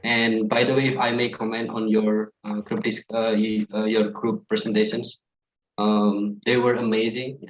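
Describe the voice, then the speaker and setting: A man's voice: lowish voice, level tone, moderate pace. A man giving pronunciation tips in a chatty way, full of fillers, on a video call. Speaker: pronunciation presenter. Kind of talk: teaching tips on an online class call. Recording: echoey room, dull online call audio.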